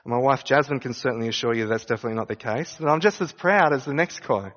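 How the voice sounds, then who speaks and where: A man's voice: mid-range voice, fast talker, fairly bright tone, big-room sound, muffled recording. A man preaching a sermon, speaking conversationally and asking his listeners rhetorical questions. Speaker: pastor.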